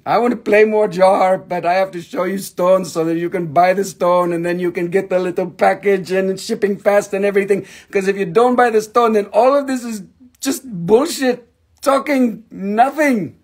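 A man hosting a live-stream crystal sale, rambling and joking in a goofy, playful way with sudden shouts. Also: high voice, fairly even intonation, normal speed.

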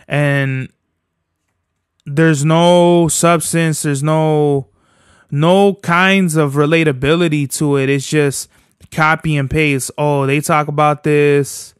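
A man's voice: fairly high pitch, fairly even intonation, slow pace, smooth, dry recording, clean studio sound. A man hosting his own podcast from home, chatting in a rambling, profane, slang-heavy way. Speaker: podcast host. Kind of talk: casual solo podcast chat.

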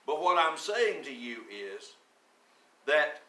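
Slow, bright-voiced preacher man in his 70s. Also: on the high side, very animated, reverberant, far from the mic. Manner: slow, deliberate storytelling that swells into emphatic preaching. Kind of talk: sermon. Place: church sanctuary.

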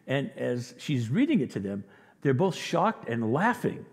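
A male pastor preaching a sermon, telling the story in an animated way and acting out the quotes with chuckles. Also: medium pitch, a little slow. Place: church sanctuary. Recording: long reverb of a large hall.

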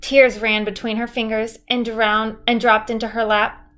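A woman teacher reading a children's chapter book aloud in a steady, clear storytelling manner. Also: on the high side, normal speed.

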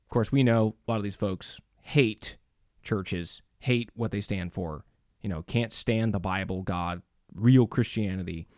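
A man's voice: fairly low pitch, unhurried, a little mellow, dry recording, clean studio sound. A middle-aged man preaching to a church audience, emphatic, with rhetorical questions and many fillers. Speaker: church speaker. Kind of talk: preaching talk.

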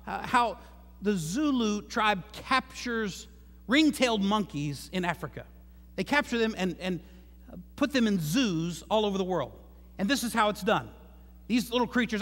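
A pastor preaching in a church sanctuary, his voice high for a man and bouncing off the walls in a long reverb. He talks to the room conversationally and slips in joking asides. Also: fairly bright tone. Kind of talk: sermon.

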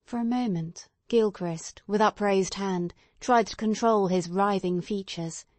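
A woman narrating an audiobook in a soft, measured storytelling manner. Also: medium pitch, no room sound. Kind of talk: scripted narration.

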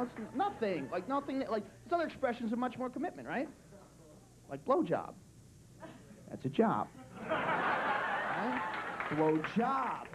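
A man performing a stand-up comedy set on a club stage, loud and animated, swearing and acting out quick voices. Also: extremely high pitch. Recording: live club recording, loud crowd and noise.

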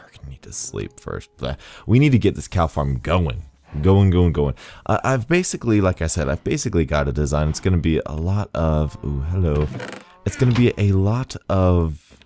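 A man with a very deep, slightly mellow voice hosts a gaming video, rambling casually and laughing often as he plays. It's laid-back gameplay commentary with faint game music in the background.

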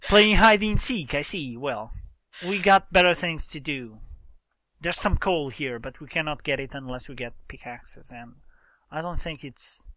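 A man's voice: a little high, unhurried, pushed and bright. A man hosting a casual let's-play, explaining game mechanics and exclaiming in exasperation as he plays with a friend. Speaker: gaming channel host.

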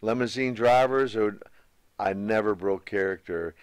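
A man being interviewed as a guest, telling stories in a measured, anecdotal way in a studio. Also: lowish voice, dry recording. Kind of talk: interview storytelling.

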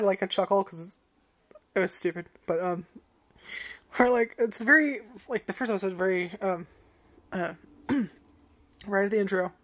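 Casual swearing woman reviewing anime. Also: mid-range voice. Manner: rambling, swears often, laughs at own jokes. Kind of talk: casual chat.

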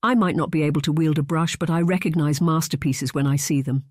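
Deadpan dry young duke, audiobook romance, narrator voicing him, close dry sound. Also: medium pitch, fairly quick, dry recording, close to an everyday voice. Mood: wry.

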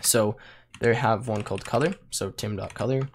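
Young man with a raspy, worn-out voice. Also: lowish voice, normal speed, a little hiss or hum. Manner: casual, with fillers like um and like. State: losing his voice. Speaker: programming tutor. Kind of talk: screen-recorded coding tutorial.

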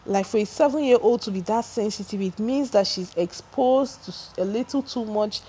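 A woman's voice: medium pitch, moderate pace, mellow, slight background noise. A woman giving a chatty, opinionated gossip recap, often restarting her sentences. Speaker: celebrity gossip vlogger.

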